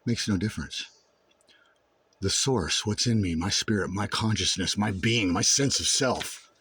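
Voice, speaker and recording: A man giving a raw personal monologue to camera, intense and full of swearing, dropping low and brooding, then rising to shouts. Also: a little slow, a little hiss or hum. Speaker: vlogger.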